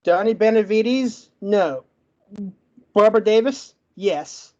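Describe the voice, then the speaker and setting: A man's voice: high-pitched, darkish tone, dull audio. Man with a stutter, making his case. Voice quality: stutters, gets stuck on words. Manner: brisk, emphatic, lists facts. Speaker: debate guest. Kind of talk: online debate closing argument.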